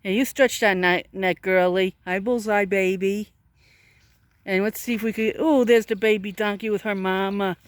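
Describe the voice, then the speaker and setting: A woman's voice: mid-range voice, fairly even intonation, normal speed, dry recording. A woman vlogging outdoors in a pasture, chatting to cows and donkeys in a coaxing, baby-talk way while filming on a handheld camera. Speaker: vlogger filming farm animals.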